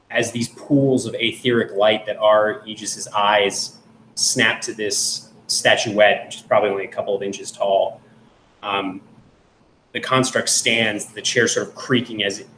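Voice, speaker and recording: A man playing a tabletop game, describing his character's actions in halting, filler-heavy narration. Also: on the low side, sharp tone, roomy sound, slight background noise, poor audio. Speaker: player.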